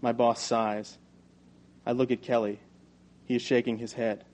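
Male audiobook narrator, mid-range voice, even and measured first-person storytelling. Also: medium pitch. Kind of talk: first-person novel reading.

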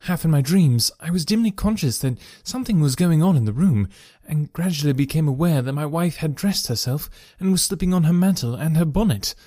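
Male story narrator, measured and dramatic; fairly high voice, dry close recording. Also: dark tone, no echo. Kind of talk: scripted first-person story narration.

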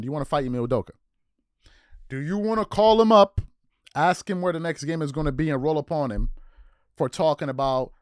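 A man's voice: on the high side, a little mellow, no room sound, studio quality. A man hosting a sports commentary show, firing off incredulous rhetorical questions.

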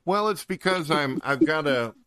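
A man's voice: a little high, normal speed, no echo. A man hosting a casual podcast chat. He jokes a lot and slips into silly quoted voices. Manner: animated, jokey, puts on silly quoted voices. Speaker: podcast host. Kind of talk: casual conversation.

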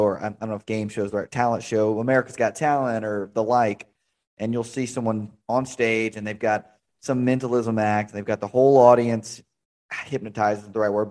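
A man's voice: on the low side, darkish tone. A young man hosting a podcast interview, chatting casually and rambling through stories. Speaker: podcast host.

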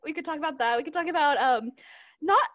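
A young woman with a notably high voice chats casually as a podcast co-host. She rambles, giggles and leans on fillers as she talks. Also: fast talker, fairly bright tone. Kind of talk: casual chat.

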